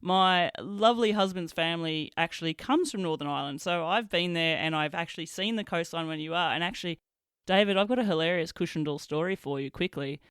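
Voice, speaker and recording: A woman's voice: fairly low pitch, fairly quick, fairly bright tone, clean tone, dry recording, studio quality. A woman hosting a casual interview, telling anecdotes and laughing often. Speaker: podcast host.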